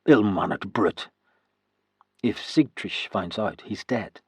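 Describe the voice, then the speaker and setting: A proud young queen speaks in a measured, composed manner, voiced by a male narrator. The voice sits low and slightly husky. The sound is dry and close, with no room around it. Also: lively intonation, no room sound, full character voice. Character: young noblewoman, newly wed queen, proud and frank. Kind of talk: audiobook character voice.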